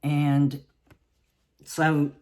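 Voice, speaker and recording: A woman from the South, giving a tarot reading in a slow, halting way with many restarts. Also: sits low, monotone, dark tone. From Southern United States. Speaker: tarot reader.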